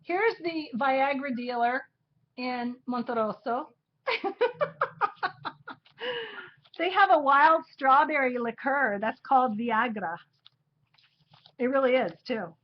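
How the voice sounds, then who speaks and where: Brief: high-pitched woman co-host, chatty and giggly, muffled lo-fi audio. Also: slow pace, long pauses. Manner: chatty, laughs often while flipping through photos. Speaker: co-host of craft livestream. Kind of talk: casual livestream chat. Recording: dull lo-fi livestream audio.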